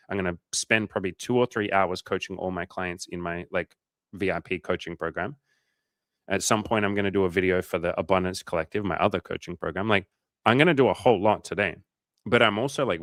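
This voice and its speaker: A man's voice: low voice, fairly bright tone, no room sound, clean studio sound. A young man casually chatting on a livestream as a coach, reading out comments, swearing freely and saying "like" a lot.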